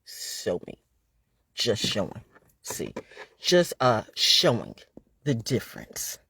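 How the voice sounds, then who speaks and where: A woman's voice: a bass voice, huge pitch swings, takes it slowly, vocal fry, fairly bright tone, husky. A woman talking straight to her audience in a vlog, ranting with emphatic repetition and plenty of profanity. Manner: repeats phrases for emphasis. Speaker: online broadcaster.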